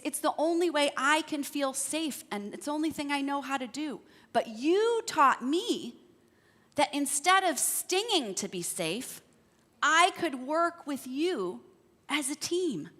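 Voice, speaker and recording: A woman puts on a sorry, pleading male scorpion from a children's fable. The voice sits high and swings lively up and down. It rings with the long reverb of a big church hall. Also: takes it slowly, full character voice. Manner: earnest, gentle storybook telling.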